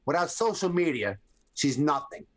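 A wry, teasing man in casual talk-show chat, his voice sitting a little high for a man. He drags out key words for dramatic emphasis and needles the others. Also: sing-song, moderate pace, fairly bright tone. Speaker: podcast co-host.

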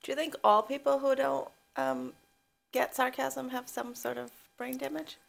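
A young woman co-hosting a podcast, chatting casually and softly. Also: high voice, fairly even intonation, moderate pace, gravelly. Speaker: podcast co-host. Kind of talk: casual chat.

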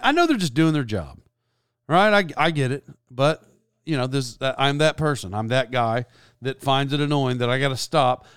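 Rambling high-voiced man, close and dry. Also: smooth, no echo. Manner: rambling, animated, with many restarts and side notes. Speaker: YouTuber. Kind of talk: casual storytelling vlog.

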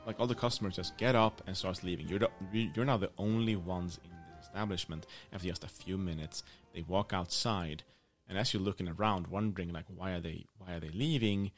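Man, game master, low voice, halting narration, faint background music. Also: steady tone. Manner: hesitant, filler-heavy narration with many restarts.

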